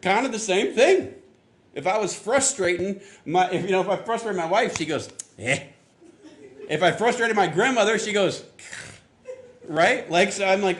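A man from Florida preaching a conversational sermon, telling animated stories and acting out sounds and voices. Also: fairly high pitch. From Florida, US South. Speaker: pastor.

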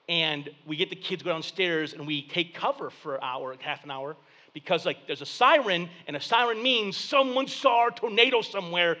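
A man, preaching a sermon with animated storytelling and acted-out voices. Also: high voice. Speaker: pastor.

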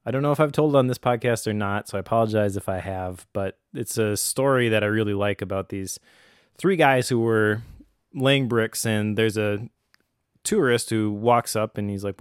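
A man co-hosting a podcast in a relaxed, chatty way, often breaking into easy laughter. His voice sits a little low and sounds smooth and clear. The recording is close and dry. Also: normal speed, dry recording. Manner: relaxed storyteller, laughs easily. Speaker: podcast co-host. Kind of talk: casual conversational podcast.

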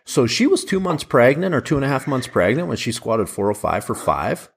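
A man hosting a podcast in casual chat, relaxed, often answering with a short "yep". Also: medium pitch, a little fast, gravelly, husky. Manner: relaxed, backchannels a lot with "yep".

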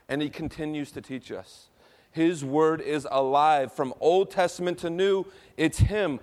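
In this clip a pastor preaches to his church, pulling the congregation into call-and-response. His delivery moves from hushed, low sections to loud ones and back.

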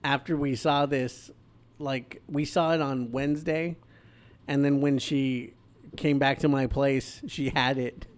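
A man's voice: medium pitch, fairly even intonation, measured pace, clean tone. A man, a father, chatting casually on a movie podcast, recapping the plot with many ums and restarts. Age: adult father. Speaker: podcast co-host.

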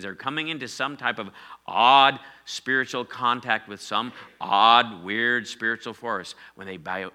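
A man preaching with a strikingly bright, forceful tone that sits a little low in pitch. He is a middle-aged pastor who swings between loud declarations and quiet, drawn-out phrases. He calls on his congregation to repeat words with him. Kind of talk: sermon.

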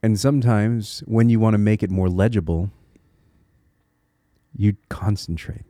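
A Connecticut man hosting a solo podcast speaks at a measured pace in a fairly low, dark voice. Earnest, reflective, and encouraging, he makes small restarts as he thinks aloud, and the recording is dry and studio quality.

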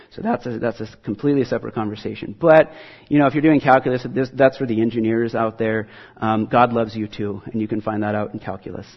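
Husky-voiced man preaching casually. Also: on the low side, steady tone, fast. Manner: conversational, storytelling preacher with fillers. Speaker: pastor. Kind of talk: sermon. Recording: dull lo-fi recording.

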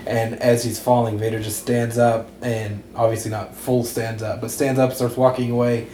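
Animated man retelling comic plots. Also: medium pitch, moderate pace, echoey room, slight background noise. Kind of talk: casual geeky chat.

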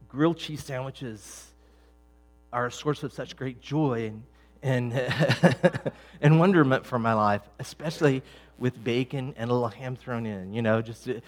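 A middle-aged pastor delivers a sermon in a medium-pitched voice, speaking conversationally with many restarts and repeated words. He builds toward emphatic, louder peaks.

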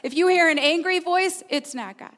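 High-voiced woman preaching a sermon. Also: normal speed, fairly bright tone. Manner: earnest, personal, asks the audience questions. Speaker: pastor.

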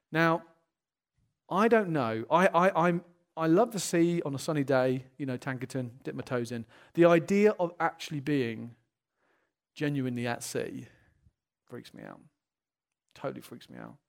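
A middle-aged man preaching a sermon, lively and animated, moving from playful asides to hushed, earnest appeals. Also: a little high.

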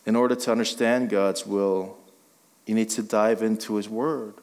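A man's voice: fairly low pitch, steady tone, normal speed, darkish tone. A male guest pastor preaching a sermon, conversational and joking, building to emphatic exhortation. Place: church sanctuary. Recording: long reverb of a church hall.

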